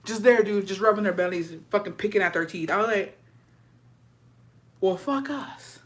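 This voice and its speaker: Profane animated woman telling a story. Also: mid-range voice, fast. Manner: profane, animated, mixes in Spanish words. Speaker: storyteller on a livestream. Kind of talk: casual storytelling rant.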